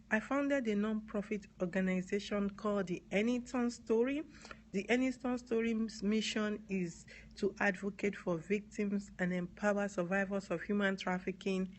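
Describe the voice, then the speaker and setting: A woman from Nigeria with a Nigerian accent, talking earnestly on a live stream, repeating key words and spelling some out. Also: medium pitch. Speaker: advocate live-streaming to viewers. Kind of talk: live-stream talk answering comments.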